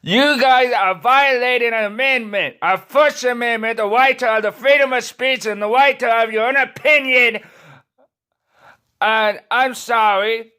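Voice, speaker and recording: A man's voice: extremely high pitch, unhurried, bright, forceful tone, clear, resonant tone. A man delivering a furious, profanity-filled rant to the camera, swearing nonstop and tripping over his words. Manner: furious, swearing constantly, stumbling restarts.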